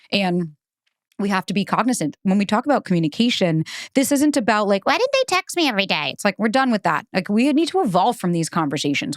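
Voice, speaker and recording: A woman's voice: mid-range voice, no echo, clean studio sound. A woman hosting a solo podcast, telling stories candidly and animatedly, acting out quotes and swearing freely. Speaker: podcast host and relationship coach.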